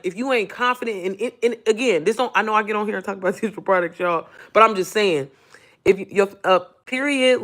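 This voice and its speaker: Animated, swearing motivational woman. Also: mid-range voice. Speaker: online business coach. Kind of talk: casual livestream talk.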